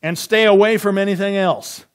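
A man preaching a sermon as pastor, reading scripture slowly and softly, then asking his congregation questions and answering back in a conversational way. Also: high-pitched, steady tone.

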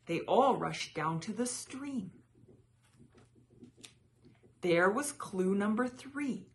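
A woman reading a children's picture book aloud as a channel host, with lively, expressive storytelling. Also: medium pitch, extremely slow, long pauses.

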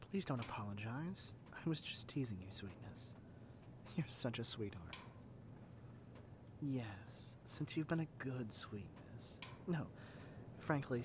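A man voicing a doting, possessive male yandere captor in a whispered role-play, talking softly and sweetly, often in a whisper. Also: medium pitch, noisy background. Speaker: ASMR roleplay performer.

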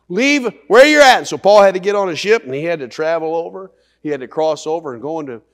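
High-voiced preacher swinging quiet to loud. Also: male voice. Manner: swings from hushed pleading to shouted preaching, sings snatches of hymns. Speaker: pastor. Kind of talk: sermon. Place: church sanctuary.

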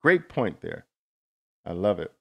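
A man's voice: low voice, wildly swooping pitch, unhurried, vocal fry, husky. A middle-aged man hosting a live trading Q&A, coaching viewers in an emphatic, motivational way, with dramatic storytelling.

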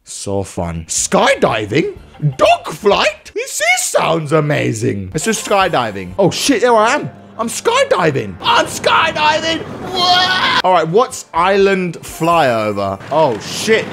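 Excitable guy, high and swooping. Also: takes it slowly, vocal fry, background noise. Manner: loud, swearing, bursts into excited shouts. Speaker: gaming YouTuber. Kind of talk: let's-play commentary. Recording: game music behind the voice.

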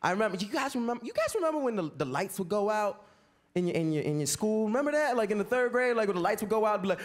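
Racing along in a voice that sits high, a young American comic performs stand-up before a live club audience, screaming and doing big voices, including screaming kids, as he acts out his stories. Audience laughter and noise fill the live stage recording.

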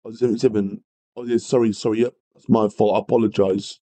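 A man's voice: fairly low pitch, little pitch movement, fast, dark tone, rough recording. A man teaching a live maths revision lesson, greeting viewers and apologising often as he works through problems. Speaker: maths tutor.

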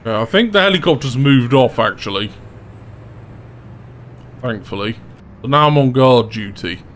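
An excitable young man talks through his match, his pitch leaping and dipping from one line to the next. He swings between muttered worries and sudden shouts and laughter. Faint game sounds hum under his voice. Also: normal speed. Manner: excitable, bursts into loud laughing fits. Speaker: gaming YouTuber. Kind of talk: gameplay commentary.

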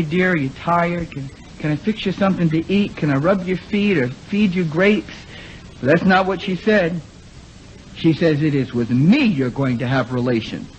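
Man, preacher, slightly high voice, acts out quotes, dull lo-fi recording with faint hiss. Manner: acts out quoted speakers, asks the audience. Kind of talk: congregation talk.

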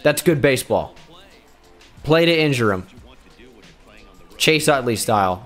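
A man's voice: mid-range voice, measured pace. Sarcastic young man calling his own baseball game. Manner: sarcastic play-by-play, shouting in bursts of excitement. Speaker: gaming YouTuber. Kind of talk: gameplay commentary. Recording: game music faintly behind.

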